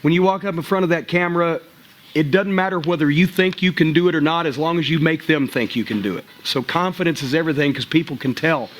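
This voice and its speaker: A man's voice: on the high side, fast talker, slight background noise. A middle-aged man coaching wrestlers in a gym, blunt and profane, mixing advice with wry stories. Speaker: wrestling trainer giving a seminar.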